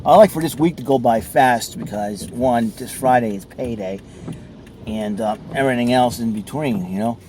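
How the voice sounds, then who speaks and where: A southern New England vlogger chats casually from his car in a mall lot, wandering from point to point with lots of fillers. He speaks at a normal speed in a medium-pitched, slightly mellow voice, with a little background noise.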